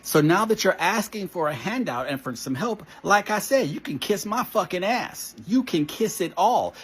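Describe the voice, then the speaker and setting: A woman's voice: mid-range voice, breathy edge. A woman delivering an angry, profane social media rant, blunt and accusatory.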